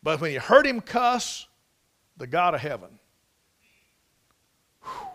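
A man preaching a sermon, telling the story dramatically and swinging from loud exclamations to near whispers. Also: sits high, wildly swooping pitch, slow.

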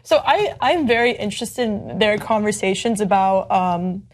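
A woman telling a story in a quick, lively way as a podcast guest in casual chat. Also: mid-range voice. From Armenian American.

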